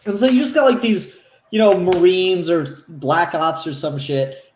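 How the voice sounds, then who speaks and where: A man co-hosting a casual comics chat, excitable and profane, acting out scenes as he talks. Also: high voice, normal speed, over a noisy crowd. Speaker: podcast co-host. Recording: roomy echo.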